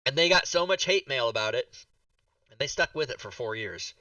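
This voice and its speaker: A man hosting a podcast, telling a rambling, animated story full of swearing and acted-out reactions. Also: mid-range voice, a little fast, no echo, recorded from a distance, highs cut off. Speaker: podcast host. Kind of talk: casual chat.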